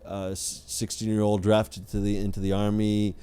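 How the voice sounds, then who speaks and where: A man's voice: on the low side, monotone, normal speed, warm tone, clear, resonant tone. A man co-hosting a podcast in casual chat, wry and critical, with many hesitant fillers. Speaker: podcast co-host.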